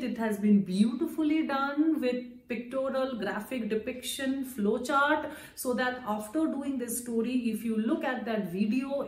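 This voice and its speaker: A woman's voice: fairly high pitch, darkish tone, echoey room. A woman with an Indian accent explaining a story chapter to students in a chatty way, full of "you know" fillers. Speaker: English teacher.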